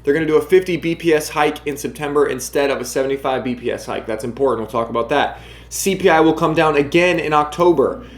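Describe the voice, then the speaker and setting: A man's voice: a little high, fast. A man giving casual market commentary to camera, brash and emphatic, often mocking his viewers.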